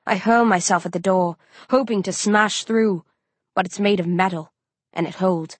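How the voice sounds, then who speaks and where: A woman's voice: medium pitch, fairly even intonation, normal speed, no echo. Casting: female audiobook narrator, tense first-person storytelling, dry close studio sound, mid-range voice.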